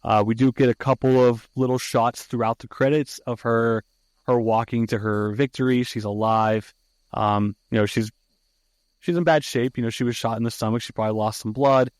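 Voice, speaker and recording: A man's voice: on the low side, clear, resonant tone, dry recording. A man hosting a podcast who casually recaps a movie plot, swearing freely and using lots of fillers. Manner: casual, profane, many fillers. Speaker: podcast host.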